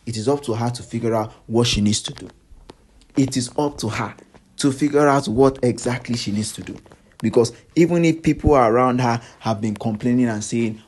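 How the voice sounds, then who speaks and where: A man's voice: mid-range voice, normal speed, a little mellow. A man delivering a solo gossip commentary, repeating himself for emphasis and asking rhetorical questions.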